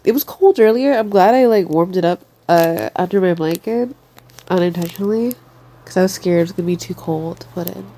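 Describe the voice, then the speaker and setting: A woman's voice: fairly low pitch, brisk, mellow, slight background noise. A young woman with a stuffy nose chatting casually to her listeners, giggly and swearing freely.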